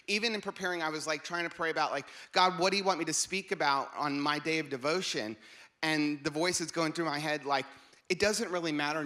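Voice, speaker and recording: A man in his forties gives a relaxed devotional talk with a slightly raised pitch. He tells his story in a chatty way and drops into other people's voices as he goes. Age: 40s. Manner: conversational storytelling, acts out voices. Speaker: children's pastor giving a devotion.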